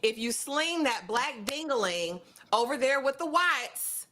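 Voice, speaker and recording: Black woman, kinda high voice, fired up and exasperated reviewing a show. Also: animated, measured pace, over a noisy crowd. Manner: emphatic, exasperated commentary. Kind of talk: casual review chat.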